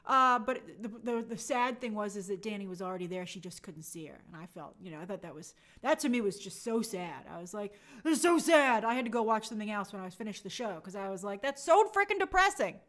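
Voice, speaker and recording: A woman's voice: medium pitch, quick pace, few pauses. A young adult woman hosting a casual review show, reading viewer comments aloud and acting out quotes in playful voices. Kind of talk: casual live chat review.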